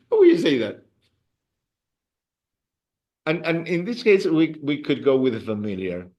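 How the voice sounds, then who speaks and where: A male teacher leads a beginner Spanish lesson at an unhurried, deliberate pace. He repeats each word patiently so learners can follow and echo him. His voice sits at an ordinary middle pitch. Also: wildly swooping pitch, dull audio.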